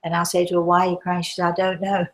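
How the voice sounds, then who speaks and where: A woman hosting a live show as a medium, gently reassuring listeners and calling them darling. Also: fairly low pitch, completely flat delivery, fast talker.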